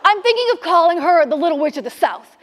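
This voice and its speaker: A woman's voice: extremely high pitch, very animated, fast, a little hiss or hum. A woman on stage voicing an earnest man, a summer camp drama director, in a reassuring tone. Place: live theater stage. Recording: reverberant hall.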